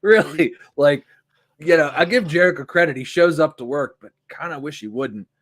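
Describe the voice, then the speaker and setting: A man co-hosting a casual podcast, talking in a rambling, animated way with frequent restarts. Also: on the high side, normal speed. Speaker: podcast co-host; youth sports coach. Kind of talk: casual chat.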